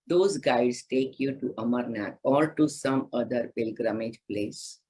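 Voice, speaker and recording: A woman who is a spiritual teacher, reading scripture slowly and gently and adding her own commentary in a devotional talk. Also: extremely low pitch, husky, rough recording. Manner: gentle, unhurried, guiding listeners through meditation.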